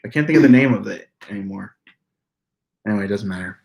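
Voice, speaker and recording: A man's voice: fairly low pitch, animated, fast, gravelly, darkish tone. A man co-hosting a casual livestream chat. He rambles in a self-deprecating way and often restarts his sentences. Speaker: livestream co-host.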